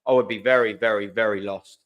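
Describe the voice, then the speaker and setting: A man's voice: lowish voice, steady tone, fast talker, highs cut off. A young man hosting a live fan stream, chatting casually in slang and reading viewer comments aloud. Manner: laid-back, slangy, reads chat aloud.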